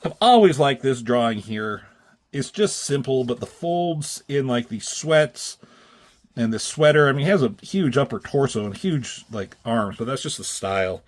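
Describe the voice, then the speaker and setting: A man's voice: mid-range voice, expressive, normal speed. A man casually recapping a comic book, rambling with frequent fillers and the odd swear.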